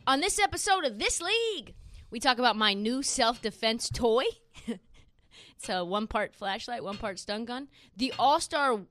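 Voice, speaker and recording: A woman hosts a casual sports podcast, brash and boastful, laughing as she talks. Her voice sits high and sounds bright and forward. The recording is dry and close. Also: no echo. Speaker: podcast host.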